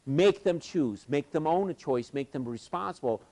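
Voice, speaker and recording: A man leading a live workshop session, telling stories with lively energy and acting out both sides of conversations. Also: a little high, normal speed. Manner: animated, acts out both sides of dialogues. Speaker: workshop facilitator.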